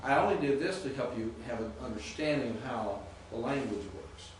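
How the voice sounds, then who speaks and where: A man's voice: mid-range voice, animated, slight background noise. Echoey far-off man teaching in class. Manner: halting, repeats words, quizzes students. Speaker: Greek teacher. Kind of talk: classroom lecture. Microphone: distant room mic.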